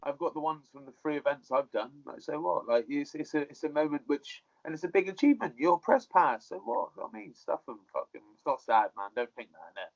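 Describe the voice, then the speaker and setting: A man's voice: on the high side, lively intonation, fairly quick, creaky, few pauses. A man, a professional fighter guest in a casual interview, easygoing and saying "innit". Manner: laid-back, easygoing, says "innit". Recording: dull lo-fi sound.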